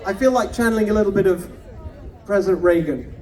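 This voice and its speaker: A man's voice: high voice, quick pace, darkish tone, distant mic, a faint crowd, slight background noise. A man giving a punchy, mocking campaign rally speech, firing off rhetorical questions at an outdoor rally. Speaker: political candidate.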